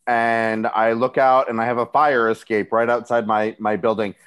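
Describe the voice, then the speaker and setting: A man co-hosts a loose podcast chat, excitable and jokey, jumping in with tangents. His voice sits at an ordinary middle pitch. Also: moderate pace, clean tone. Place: new apartment.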